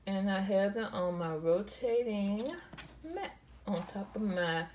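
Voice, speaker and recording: A woman hosting a quilting vlog, casually showing her fabric pieces in a slow, rambling way and often repeating herself. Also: sits low, poor audio. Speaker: quilting channel host. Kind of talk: casual show-and-tell vlog.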